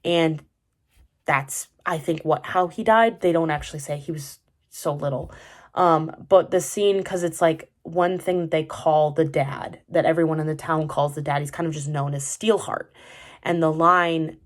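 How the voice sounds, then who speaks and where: Young woman vlogger, low voice, loose rambling delivery with lots of fillers. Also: moderate pace. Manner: rambling, many "like" fillers and restarts. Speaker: vlogger reviewing a TV drama. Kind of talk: casual chat.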